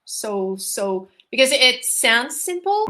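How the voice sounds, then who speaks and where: A woman's voice: a little high, big pitch swings, takes it slowly, pushed and bright. Female interview guest, non-native English accent, hesitant delivery with many fillers. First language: not English. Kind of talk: live interview.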